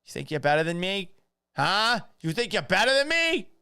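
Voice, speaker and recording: A man's voice: high voice, very animated, normal speed, vocal fry, pushed and bright, clean tone, dry recording, clean studio sound, pitched above the performer's own voice, exaggerated voice. A man voicing a brash, trash-talking tough guy with a Boston accent, profane and swaggering, from a home office. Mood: confrontational. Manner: swaggering, profane, picks fights with the listener.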